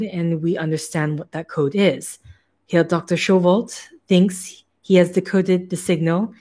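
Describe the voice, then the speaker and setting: A woman voicing a small, frail male scientist in a put-on German accent; he is devout and earnest and speaks in a formal, halting, pleading way. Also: high-pitched, darkish tone.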